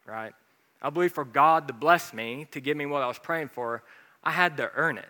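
A man preaching in a relaxed, chatty way, filling gaps with ums and uhs as he tells his own story. His voice is bright and ringing. It carries through a hall with a long echo. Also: a little high, moderate pace. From American South. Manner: casual, conversational preaching with many fillers. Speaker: pastor. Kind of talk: sermon with personal story.

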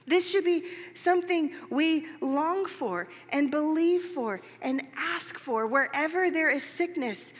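A woman's voice: high voice, slow, hardly any pauses, in a large hall. A woman preaching a sermon in a chatty storytelling way, with many fillers.

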